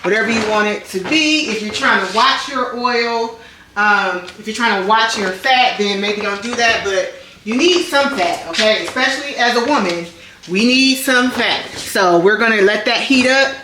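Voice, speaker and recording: A woman's voice: a little high, moderate pace, reverberant, noisy background. A woman chatting casually to her viewers as she cooks in her home kitchen, filmed by a camera on a tripod, calling them "y'all". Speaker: vlogger cooking at home. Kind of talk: casual cooking vlog chat.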